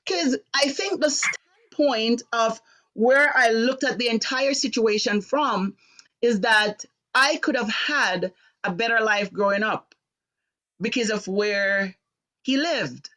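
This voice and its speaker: Woman, middle-aged, from Jamaica, live talk host, storytelling, fairly high voice, animated. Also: slow. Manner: animated, acts out voices in quotes, rising to sharp indignation. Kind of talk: personal storytelling on a live stream.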